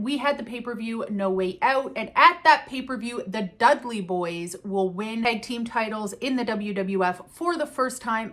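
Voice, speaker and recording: A woman's voice: mid-range voice, fairly bright tone. Chatty woman fan reviewing wrestling. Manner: chatty, enthusiastic, swears casually. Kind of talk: casual vlog review.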